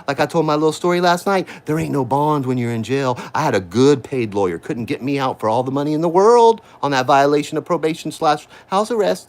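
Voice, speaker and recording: Sore-voiced man ranting at someone. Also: mid-range voice. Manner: confrontational, repeats a name accusingly. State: sore voice from screaming. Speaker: livestream host. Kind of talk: angry livestream rant. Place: at home, indoors.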